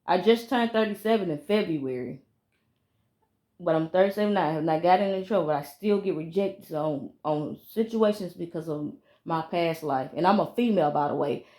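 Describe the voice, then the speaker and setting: A woman's voice: lowish voice, normal speed, dark tone. Aggrieved woman in her thirties venting. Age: 30s. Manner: aggrieved and emphatic, repeats herself. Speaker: vlogger. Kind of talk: casual vlog. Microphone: phone camera.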